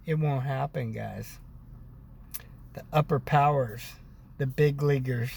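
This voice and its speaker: A man's voice: medium pitch, slow, gravelly, darkish tone, slightly rough. A man from the United States giving a ranting, repetitive opinion monologue to his viewers, calling them brothers and sisters. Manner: ranting, preachy, repeats himself. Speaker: video blogger. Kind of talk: casual opinion monologue to camera.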